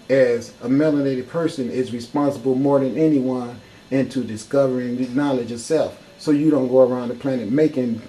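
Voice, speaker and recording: A man's voice: mid-range voice, mellow, poor audio. A man giving an impassioned, profane talk full of rhetorical questions. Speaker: speaker in a discussion.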